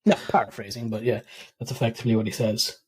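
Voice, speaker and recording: An Irish man with a husky, mid-pitched voice chats about a film. He laughs easily and slips into the characters' lines as he retells scenes. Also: fairly even intonation, fast, a little mellow. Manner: chatty, laughs easily, acts out quotes. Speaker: podcast co-host. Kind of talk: casual film review chat.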